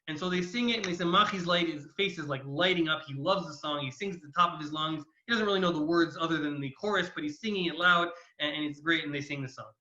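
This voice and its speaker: A man's voice: fairly high pitch, fast, few pauses, reverberant. A male educator telling a story to a class, acting out the characters' lines with plenty of fillers and restarts. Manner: animated, acts out characters' lines. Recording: dull lo-fi sound.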